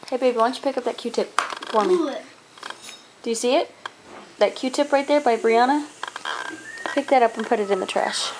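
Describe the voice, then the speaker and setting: A woman's voice: medium pitch, background noise. A woman filming her young children at home on a handheld camera, cooing and teasing them in a casual family vlog. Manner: playful, cooing and teasing talk to young kids.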